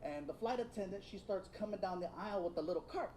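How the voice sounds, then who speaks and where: A man's voice: sits high, quick pace, recorded from a distance. A man telling a stand-up story, acting out the characters in it, recorded live on stage. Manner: animated, acts out characters. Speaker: stand-up comedian. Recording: echoey stage with loud audience noise.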